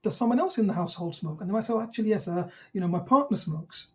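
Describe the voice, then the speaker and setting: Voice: medium pitch, expressive, racing, dull audio. A GP trainer teaching an online session, who asks rhetorical questions and acts out what patients might say.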